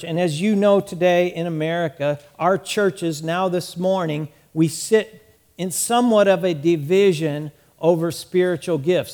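A man's voice: high-pitched, darkish tone. Earnest male pastor preaching. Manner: earnest, repeats words as he preaches. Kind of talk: sermon. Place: small church.

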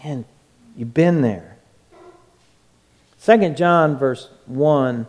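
A man's voice: mid-range voice, extremely slow, long pauses, a little mellow. A man preaching a sermon as pastor, emphatic and drawn out, often repeating words. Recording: echoey church hall.

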